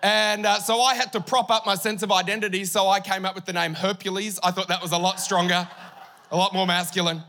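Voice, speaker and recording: A man's voice: high voice, level tone, a little fast, sharp tone, a little hiss or hum. A young Australian man preaching a sermon as pastor, telling a story with comic asides to the congregation. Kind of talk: humorous sermon.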